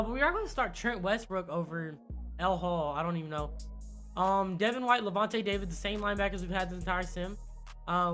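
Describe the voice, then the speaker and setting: Bright-voiced hyped young gamer guy. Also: high voice. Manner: hyped, excitable play-by-play with frequent fillers. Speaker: gaming YouTuber. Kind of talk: casual video game commentary.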